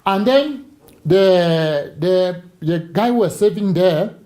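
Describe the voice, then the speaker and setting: A man's voice: high-pitched, expressive, slow pace, mellow, low-quality recording. A man from Cameroon, a priest and author talking as a guest on a talk show, telling stories with animation and repeating words as he starts each thought.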